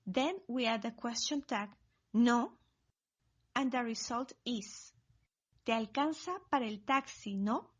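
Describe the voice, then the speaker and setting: Slow, careful woman teaching Spanish. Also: on the high side. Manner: slow, careful example sentences spoken in Spanish. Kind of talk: scripted language lesson narration.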